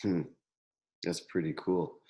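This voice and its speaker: A man with a very low, gravelly voice hosting an interview call. He asks his questions in a halting way, restarting them, and answers with brief, easy acknowledgements. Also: level tone, dark tone. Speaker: interviewer, coach.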